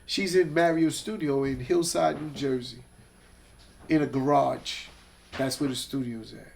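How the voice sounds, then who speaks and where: He speaks at medium pitch and a measured pace, his voice creaky, with slight background noise in the recording. The guest, a music executive from Hollis, Queens, New York, tells casual, profane stories in an animated way and acts out the people involved.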